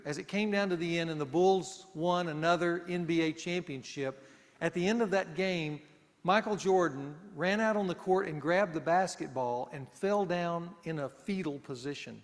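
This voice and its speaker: A man preaching a sermon, pausing for effect and dropping to a hushed low voice to stress a point. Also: in a large hall. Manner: dramatic pauses, drops to a hushed low voice for emphasis.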